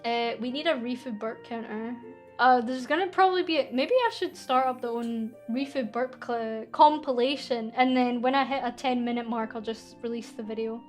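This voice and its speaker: Scottish woman, high bright pitch, casual streamer Q&A, laughs easily while reading chat. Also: moderate pace, faint music behind. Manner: chatty, giggly, reads viewer comments aloud. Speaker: VTuber streamer.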